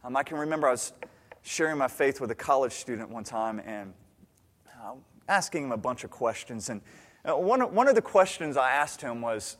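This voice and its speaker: A man's voice: mid-range voice, lively intonation, normal speed, a bit bright. A man preaching a sermon in a conversational way, often stammering and restarting his sentences. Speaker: pastor. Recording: long hall reverb.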